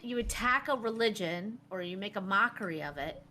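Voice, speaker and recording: A woman's voice: medium pitch, lively intonation, brisk, bright, forceful tone. A middle-aged woman co-hosting a casual podcast chat, talking in an opinionated way and retelling stories she has seen. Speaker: podcast co-host.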